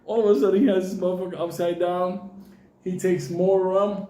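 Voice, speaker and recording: A man telling a profane, animated comic story, acting out the voices of the people in it. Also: high voice, unhurried, pauses often, echoey room, slight background noise. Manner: animated, swears constantly, acts out voices.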